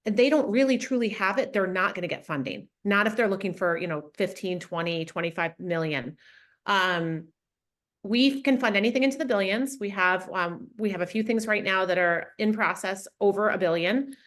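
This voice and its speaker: A woman's voice: medium pitch, normal speed, a bit bright. A woman guest in an interview, speaking bluntly and frankly, with many fillers and restarts. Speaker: interview guest, funding consultant. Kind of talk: casual interview talk.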